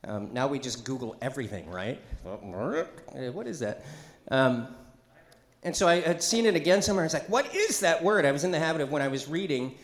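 A middle-aged pastor's medium-pitched voice moves fast and expressively through a conversational sermon in a church sanctuary. He jokes, adds asides and draws call-and-response from the congregation. An echoey room surrounds him.

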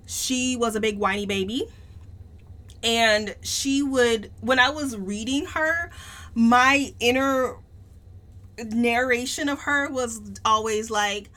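A woman's voice: on the high side, lively intonation, slow, sharp tone. A woman co-hosting a book podcast, giving a blunt, emphatic review in casual chat. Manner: blunt, emphatic, swears freely.

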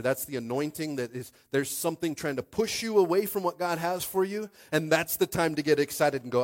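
Pastor guy preaching, kinda high voice, goes from hushed to shouting, super animated. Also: a little fast, few pauses. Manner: animated, swinging from hushed to shouting, acts out scenes. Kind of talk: sermon.

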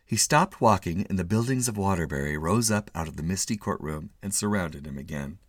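Low-voiced expressive male storyteller. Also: no room sound, clean studio sound. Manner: expressive, measured. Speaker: narrator. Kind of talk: storybook reading.

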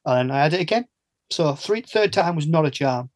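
A man's voice: a little high, lively intonation, normal speed, dry recording. A man chatting casually as a podcast host, laughing often and restarting his sentences. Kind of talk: casual chat.

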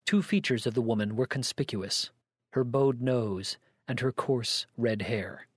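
A man reads a classic story aloud in a measured, even manner. His pitch sits in the middle range. The recording is close and dry, with no room sound. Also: slightly rough, dry recording. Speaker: narrator. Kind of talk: scripted narration of a story.

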